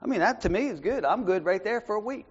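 In a muffled, lo-fi recording, a man leads an informal Bible study, talking conversationally and swinging between soft asides and raised emphasis while checking in with "right?" again and again. His voice is high, expressive, and slightly rough, and he talks fast.

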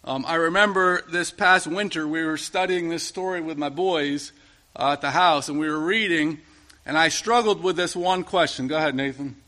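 A middle-aged man delivering a sermon with a high, bright, forceful voice. He talks to his listeners in an easy, conversational way. He keeps piling up rhetorical questions as he preaches. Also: moderate pace.

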